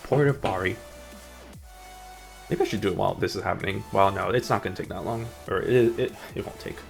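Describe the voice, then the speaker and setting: A man's voice: on the low side, brisk, vocal fry, soft background music. A young man streaming a driving game, rambling in casual commentary and mocking himself. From United States. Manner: rambling, self-mocking, breaks into sung snippets.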